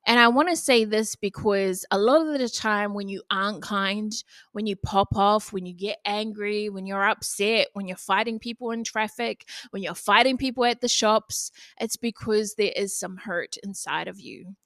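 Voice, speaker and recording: A woman's voice: mid-range voice, normal speed, a bit bright, dry recording. Young NZ-woman, podcast host, frank and sweary, dry sound. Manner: blunt, casual, swears freely. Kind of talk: motivational solo podcast talk.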